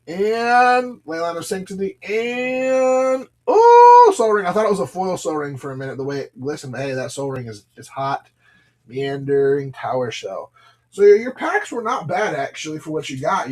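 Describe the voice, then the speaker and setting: A man with a fairly high, breathy-edged voice runs a live stream where he opens card packs. He reads the cards aloud, greets viewers by name, and keeps up chatty, rambling stories.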